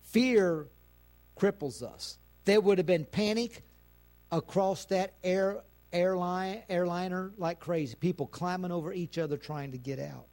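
High-pitched male preacher, fervent sermon delivery building to shouts. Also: unhurried. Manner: rising to fervent shouting, punctuated with amen.

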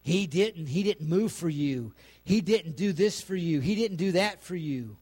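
A male preacher voicing the devil, whispering doom and taunts into a listener's ear in a low, hushed voice. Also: expressive, measured pace, breathy edge. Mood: taunting.

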